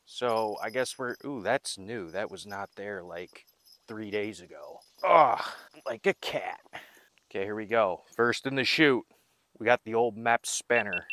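A man's voice: on the low side, measured pace, pushed and bright, no room sound. A young man hosting a fishing vlog, joking and rambling to his viewers while he fishes by a river at night. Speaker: fishing vlogger. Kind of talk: casual vlog narration.

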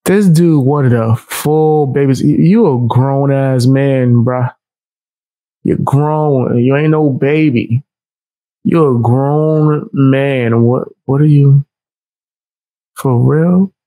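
A man's voice: medium pitch, drawn-out words, dark tone, dry recording. A man casually reacting to a video clip, talking back to it with slang and jokes.

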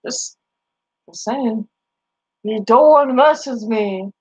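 A woman's voice: a little high, takes it slowly, darkish tone, slightly rough, dull audio. A woman streamer in casual live-stream chat, profane and teasing, laughing often as she talks back to viewers.

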